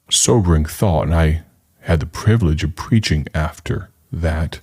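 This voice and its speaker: A man in his thirties or forties with a very low, deep voice, hosting a radio ministry program. He talks in an earnest, conversational way as an evangelist, setting up a story before a sermon. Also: measured pace, a little mellow. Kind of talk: radio ministry broadcast introduction.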